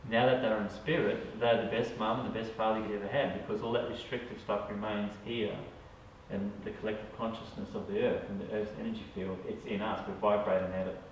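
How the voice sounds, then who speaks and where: A man's voice: lowish voice, level tone, a little fast, slight background noise. Man teaching in an echoey room from afar. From Australia. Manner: conversational, keeps asking "all right?". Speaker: psychic medium teaching a group. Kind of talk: casual talk to a small group. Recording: echoey room, mic far off.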